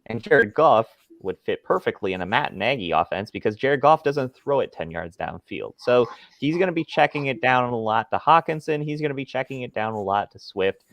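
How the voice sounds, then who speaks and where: A man's voice: medium pitch, lively intonation, fairly quick, gravelly, hardly any pauses, fairly bright tone, no room sound. A man co-hosting a casual fantasy football podcast over a remote call, giving confident, opinionated takes. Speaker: podcast co-host.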